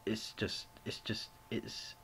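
A man's voice: slow pace, a bit bright, a little hiss or hum. A young man rambling through a home video rant, apologizing often and leaning on "you know" fillers. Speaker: vlogger. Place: home room with a cat.

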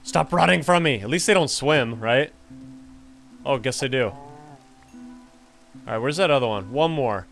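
A young man casually commenting on his own gameplay, excitable and jumpy, chatting to the animals on screen. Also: medium pitch, normal speed, vocal fry, long pauses, faint music behind. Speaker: gaming YouTuber. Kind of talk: casual let's-play commentary.

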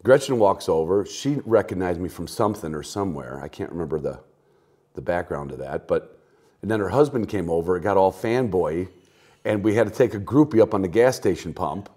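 A man's voice: sits low, expressive, fairly quick, dark tone. A road-weary man hosting a podcast in casual, rambling chat, joking about himself between asides, recorded at a picnic table in a garage. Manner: jokey, self-mocking, rambling asides. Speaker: podcast host.

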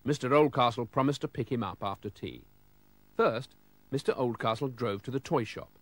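A man reading a children's storybook aloud with lively, expressive storytelling. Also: medium pitch, normal speed, no echo.

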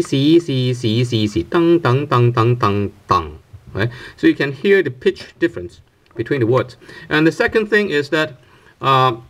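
A man giving an unscripted language lesson, explaining things step by step with many fillers and restarts, often asking "right?" and saying example syllables aloud to show each pitch. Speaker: language teacher.

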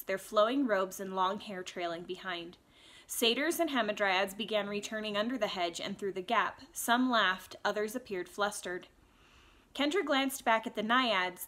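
Brief: woman narrator, mid-pitched, clear and steady fantasy reading, chatty asides. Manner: clear, even storytelling with occasional asides to listeners. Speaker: audiobook reader. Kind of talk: fantasy novel read aloud.

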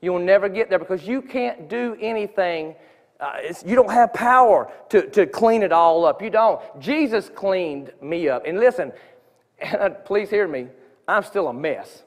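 This man's high-pitched voice is expressive and a little slow as he offers an earnest, chatty testimony in a church sanctuary. He often starts his sentences over, and the hall's long reverb trails behind his informal sermon talk.

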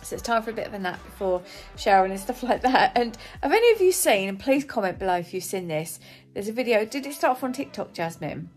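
A woman's voice: mid-range voice, big pitch swings, fast, soft background music. A woman chatting to camera in a casual vlog, tired and giddy, a chatty storyteller who laughs a lot. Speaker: vlogger.

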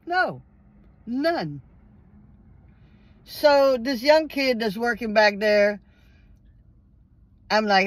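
A woman's voice: fairly high pitch, lively intonation, drawn-out words, pauses often, no echo. Woman vlogger, profane storytime rant, acts out both sides, close and dry. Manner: profane, heated venting, acts out the exchange. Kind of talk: ranting storytime vlog.

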